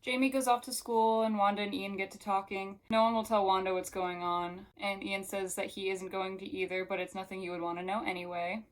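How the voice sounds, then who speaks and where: A woman's voice: medium pitch, flat delivery, brisk, few pauses, poor audio. A woman giving a casual, chatty book recap with lots of filler words, talking straight to the viewer and reading passages aloud. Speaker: book reviewer.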